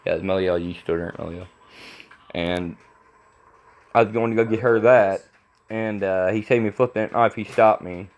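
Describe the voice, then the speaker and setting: A man's voice: lowish voice, fairly even intonation, normal speed, long pauses, highs cut off. A man in his thirties, a vlogger talking to camera in a blunt, rambling way, repeating himself. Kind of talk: casual rambling monologue to camera.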